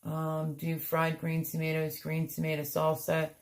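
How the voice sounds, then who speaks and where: A creaky, low-voiced middle-aged woman from Pennsylvania hosts a gardening livestream, delivering everything completely flat and a little slowly. Worn out, she rambles chattily while reading comments, with plenty of fillers and restarts.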